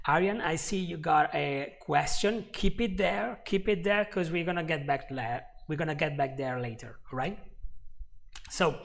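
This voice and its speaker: Gravelly man teaching a live English lesson. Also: on the high side, normal speed. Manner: explanatory, repeats words, chats with viewers.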